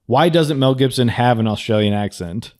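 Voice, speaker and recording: A man's voice: mid-range voice, normal speed, darkish tone. Podcast co-host, man, mid voice, loose jokey banter. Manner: jokey, rambling, laughs often. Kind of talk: casual chat.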